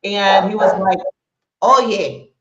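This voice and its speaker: A woman host telling an animated story in casual chat, swearing casually and dropping into Spanish as she goes. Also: a little high, normal speed, reverberant, highs cut off.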